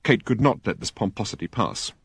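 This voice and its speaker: A male narrator reading a novel aloud with an expressive, wide-ranging lilt. His voice is slightly husky. The recording is close and dry. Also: lowish voice, fairly quick, no echo. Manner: lively, expressive storytelling. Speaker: audiobook narrator. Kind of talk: scripted narration.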